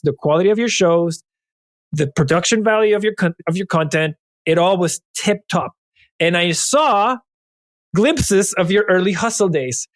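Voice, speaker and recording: A man's voice: high-pitched, no echo. A man hosting an interview, talking in an enthusiastic, effusive way. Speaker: podcast host. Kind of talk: casual interview chat.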